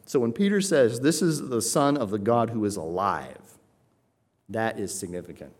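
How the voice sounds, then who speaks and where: A man preaching a sermon with emphatic conviction, often checking in with "right?" and swinging from low, quiet stress to raised emphasis. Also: lively intonation, moderate pace.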